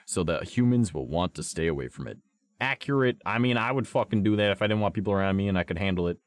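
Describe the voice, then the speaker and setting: A man streaming casually, reading about cryptids, swearing a lot and joking between passages, with a deep voice that has a vibration to it. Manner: puts on a higher pitched voice.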